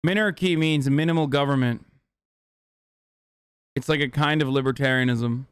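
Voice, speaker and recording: A man's voice: medium pitch, normal speed, clear, resonant tone, no echo, clean studio sound. A man in his thirties streaming live reaction commentary, mocking and profane, joking loosely as he talks.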